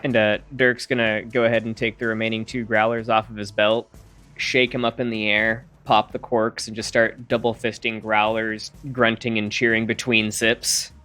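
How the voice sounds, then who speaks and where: A man's voice: fairly low pitch, level tone, normal speed, bright, forceful tone, clean tone, soft background music. A man playing in a tabletop game, declaring his character's actions and tossing in jokes. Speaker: player.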